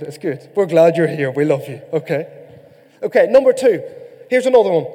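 High-voiced Irish-born pastor preaching. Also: male voice. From Ireland. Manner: animated, playful with the congregation. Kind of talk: sermon. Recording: reverberant hall.

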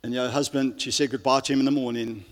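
A man's voice: mid-range voice, fairly even intonation, fast. A male pastor giving an earnest sermon, often restarting his sentences and using fillers. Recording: long reverb of a large hall.

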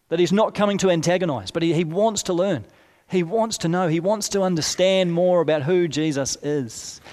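A man's voice: sits high, darkish tone. A man preaching a sermon in a conversational, explanatory way, with asides and rhetorical questions. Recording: long hall reverb.

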